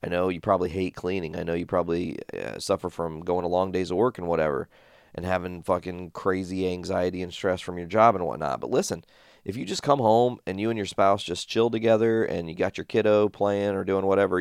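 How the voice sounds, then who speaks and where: A man's voice: deep voice, fairly quick, gravelly, smooth, no echo, clean studio sound. A man casually telling a long story from home, rambling and swearing often as he retells what happened. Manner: profane, rambling, animated retelling. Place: home studio.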